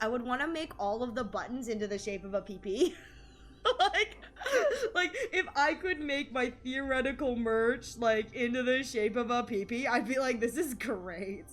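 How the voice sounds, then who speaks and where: A woman's voice: on the high side, animated, normal speed, fairly bright tone. A young adult woman streaming from home, chatting casually with her viewers, giggling often and restarting her sentences. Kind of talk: casual live-stream chat with chat readers.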